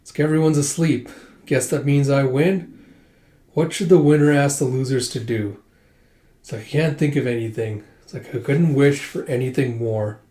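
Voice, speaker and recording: A man casually retelling a manga volume, quickly quoting each character's lines with light changes of voice. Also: mid-range voice, mellow. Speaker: manga reader and reviewer. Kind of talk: casual readthrough narration with quick quoted dialogue. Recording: echoey room.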